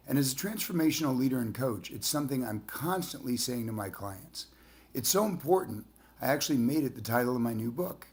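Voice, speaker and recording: A middle-aged man, a coach, telling a motivational story with earnest, drawn-out emphasis on key words. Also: medium pitch. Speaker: transformational leader and coach.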